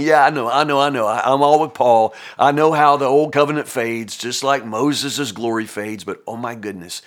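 A man giving a daily devotional Bible teaching, animated and emphatic, swinging from loud bursts to hushed asides and often tagging "you know?". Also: fairly low pitch.

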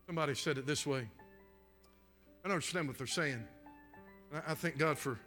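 A middle-aged male preacher delivering a live sermon, building repetitive emphatic phrases and swinging between shouts and near-whispers. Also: fairly high pitch, brisk, in a large hall, soft background music. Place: church meeting, live stream.

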